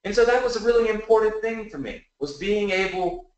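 An earnest man in his early thirties tells his rise-from-nothing business story as a motivational pitch, often asking listeners to agree. His voice sits slightly high. It rings out in a very echoey room. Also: lively intonation, a little fast, highs cut off. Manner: earnest storytelling, often asks the audience for a yes. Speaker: online business presenter.

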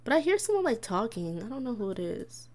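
A woman's voice: on the high side, big pitch swings, a little fast, darkish tone. A young woman chatting casually as she plays a life-sim game, reacting aloud to her characters and giggling often. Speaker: gaming YouTuber. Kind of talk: casual let's-play commentary.

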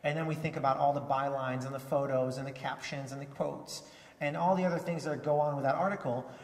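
A man's voice: medium pitch, steady tone, brisk, recorded from a distance. Man giving a keynote in an echoey hall. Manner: enthusiastic, repeats words when restarting. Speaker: keynote speaker. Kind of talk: conference keynote speech. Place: large conference hall.

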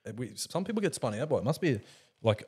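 Young aussie guy rattling off stories fast on a podcast, swears a lot. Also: medium pitch, big pitch swings, a little mellow, slightly rough. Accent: Australian. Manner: swears a lot, laughs often, acts out mates' voices in stories. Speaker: podcast co-host. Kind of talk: casual chat.

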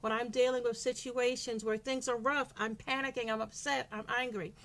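A woman's voice: fairly high pitch, fairly even intonation, moderate pace, a bit bright. A middle-aged woman blogger giving a motivational monologue, stressing her points by repeating short phrases.

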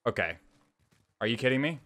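A young man giving casual, profane commentary over his own gameplay, swinging from muttering to yelling. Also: mid-range voice, fairly quick, slight background noise. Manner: profane, excitable, frequent yelling. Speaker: gaming YouTuber.

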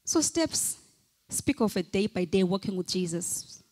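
A woman's voice: mid-range voice, expressive, a little slow, a little mellow. A woman pastor preaching a fervent sermon, calling out repeated hallelujahs and leading the congregation in declarations. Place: church hall. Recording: long hall reverb from a church.

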